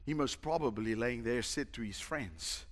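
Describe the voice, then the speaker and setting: A male pastor preaching a sermon, emphatic and dramatic, shouting at the peaks. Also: mid-range voice, normal speed. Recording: long hall reverb.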